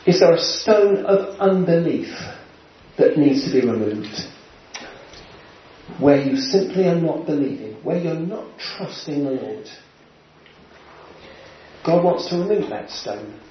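A man preaching a sermon in an unhurried way, pausing often and clearing his throat between phrases. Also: on the high side, animated. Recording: very echoey, dull church sound with faint hiss.

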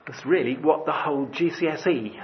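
Man preaching, slightly higher voice, rambling and conversational, dull lo-fi recording, faint hiss. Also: fairly quick. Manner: conversational, rambling with restarts and asides. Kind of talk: sermon.

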